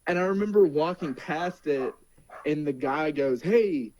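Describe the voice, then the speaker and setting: A young man, a wrestler being interviewed, telling road stories in a casual, animated way and laughing now and then. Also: a little high, moderate pace, highs cut off. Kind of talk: casual storytelling.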